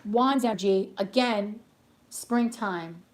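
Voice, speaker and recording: A woman's voice: mid-range voice, slow, over music. A woman tarot reader chatting casually between readings, rambling off on tangents and telling stories bluntly. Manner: chatty and animated storytelling, blunt. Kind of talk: casual chat during a live reading.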